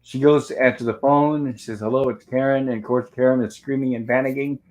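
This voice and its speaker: A man's voice: medium pitch, steady tone, quick pace, a little mellow, highs cut off. Guy hosting a movie review stream, chatty, narrates every scene and reads the lines out. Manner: narrates scenes step by step, reading out dialogue. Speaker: host of a movie review livestream. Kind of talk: casual movie recap.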